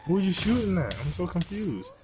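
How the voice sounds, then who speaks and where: A young man giving live gameplay commentary as a streamer, excitable, yelping and swearing at the game. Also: high-pitched, brisk, music in the background. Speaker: gaming streamer.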